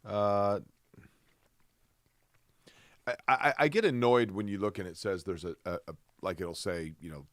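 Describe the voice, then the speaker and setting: A man's voice: fairly low pitch, unhurried, pauses often, fairly bright tone, no room sound, studio quality. A man co-hosting a sports podcast, easygoing and playfully fussy. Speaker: podcast co-host. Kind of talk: casual sports chat.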